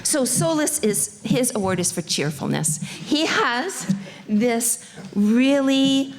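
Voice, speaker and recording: A woman teacher giving awards to young students at a graduation, speaking gently and brightening as she acts out little quotes. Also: a little high, slow. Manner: gentle, warm-hearted and animated, acting out little quotes. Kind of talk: speech at a school graduation.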